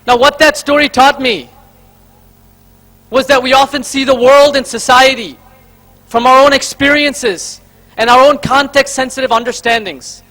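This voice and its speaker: A man's voice: extremely high pitch, fairly even intonation, normal speed, sharp tone. A man from Karnataka giving a convention speech, telling a story and then laying out numbered points to the audience he calls friends. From Karnataka, India. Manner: rhetorical, addresses the audience as friends, counts off points. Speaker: speaker at a convention. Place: convention hall stage.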